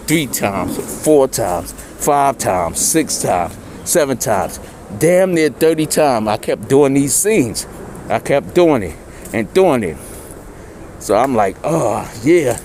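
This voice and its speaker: A man's voice: darkish tone, a little hiss or hum. A middle-aged man, telling a story in loose, slangy street talk. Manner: slangy, loose street talk, acts out quoted voices higher. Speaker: interviewee. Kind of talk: casual storytelling.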